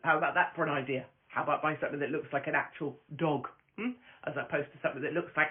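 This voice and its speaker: This live-stream host, a stand-up comic, speaks fast in a low, fairly flat voice with few pauses. Brash and swearing, she wanders from story to story and laughs often, her phone camera producing tinny sound.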